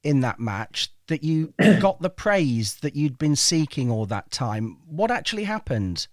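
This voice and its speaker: A man hosting a football history podcast, narrating and asking measured questions. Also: fairly high pitch, big pitch swings, dry recording, studio quality. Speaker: host and interviewer. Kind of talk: podcast interview and scripted narration.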